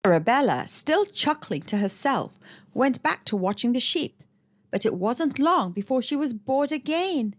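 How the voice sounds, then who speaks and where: A woman reading a children's picture book aloud with an expressive, animated delivery. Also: mid-range voice, moderate pace. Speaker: storyteller. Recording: slightly dull lo-fi recording.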